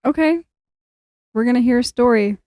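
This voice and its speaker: A woman co-hosting a casual podcast chat, with short wry quips and deadpan asides. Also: on the high side, moderate pace, no echo, clean studio sound. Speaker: podcast co-host.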